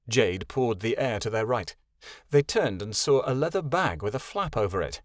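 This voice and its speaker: In this scripted narration of a fantasy audiobook, the man's mid-range voice is lively and expressive as he unfolds the tale at a moderate pace. The recording is close and dry, with no room sound.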